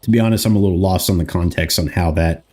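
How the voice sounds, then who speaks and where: A man's voice: deep voice, quick pace, darkish tone, soft background music. An American man around thirty, streaming a game and chatting loosely with his viewers, rambling and swearing casually. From United States. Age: 30s. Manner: rambling, talks back to chat, swears casually. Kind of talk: casual gameplay commentary reading chat.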